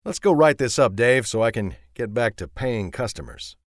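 Reader does a gruff, wry mechanic who haggles with a drawl; animated, close and dry. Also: male voice, mid-range voice, normal speed, no room sound, natural voice. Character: wry, gruff small-town male garage owner. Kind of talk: audiobook character voice.

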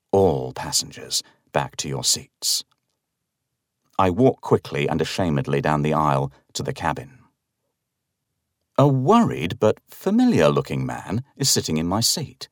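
Deep-voiced man reading a horror tale. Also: no echo, studio quality. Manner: dramatic, expressive reading. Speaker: storyteller. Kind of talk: first-person horror story narration.

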